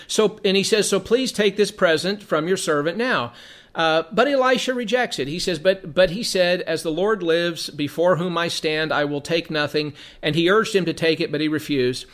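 A man's voice: on the high side, normal speed, fairly bright tone. A man teaching from the Bible, reading passages aloud and then explaining them in a conversational way, often repeating words as he thinks.

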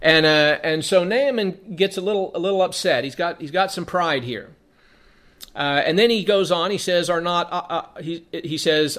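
High-voiced man teaching scripture. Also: moderate pace, a bit bright. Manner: explains verse by verse, reading passages then commenting; repeats words while thinking. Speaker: Bible teacher.

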